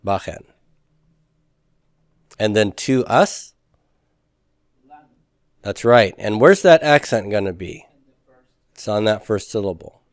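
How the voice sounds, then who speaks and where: A man's voice: fairly low pitch, animated, takes it slowly, long pauses, dry recording. A man teaching a Hebrew grammar class, patiently asking students questions and confirming their answers.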